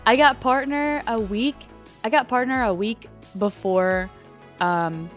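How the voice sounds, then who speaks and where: A woman's voice: fairly high pitch, slow, soft background music. A young woman chatting as a streaming guest, laughing often and restarting her sentences. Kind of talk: casual chat.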